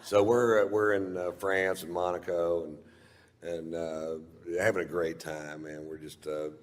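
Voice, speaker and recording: Deep laid-back cussing comedian guy rambling on stage, reverby hall, faint hiss. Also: little pitch movement, a little slow. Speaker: stand-up comedian. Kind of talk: stand-up storytelling.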